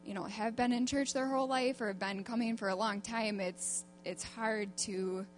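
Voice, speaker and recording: A woman's voice: fairly high pitch, steady tone. Woman sharing at church, lots of ums and restarts, faint mains hum. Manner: halting, with many fillers and restarts. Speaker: program participant. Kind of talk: church testimony.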